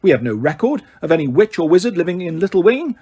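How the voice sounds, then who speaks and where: A man putting on a stern, sharp female magistrate. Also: high voice, sing-song, quick pace, breathy edge, pitched above the performer's own voice, heavily acted. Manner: sharp, impatient, cool.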